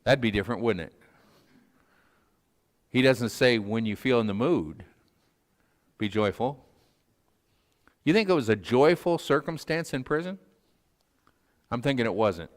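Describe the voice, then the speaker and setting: A man delivers a sermon in a relaxed, folksy way, tripping over his words with plenty of "uh"s and light chuckles. His voice sits at an ordinary middle pitch and carries a long church-hall reverb. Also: a little slow, pauses often. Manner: folksy, self-deprecating, frequent fillers and chuckles. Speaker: preacher. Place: church sanctuary.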